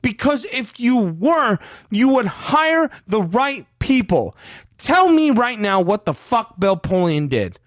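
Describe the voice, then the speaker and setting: A man's voice: high voice, very animated, slow pace, no echo, clean studio sound. A man in his thirties ranting on a fan sports podcast, profane and heated. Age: 30s. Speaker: podcast co-host.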